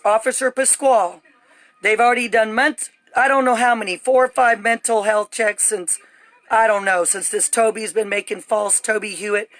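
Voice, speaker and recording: Indoors at home, a woman broadcasts live from her phone in a medium-pitched, fairly bright voice. She sounds urgent and agitated, rambling as she goes, and the recording is dry.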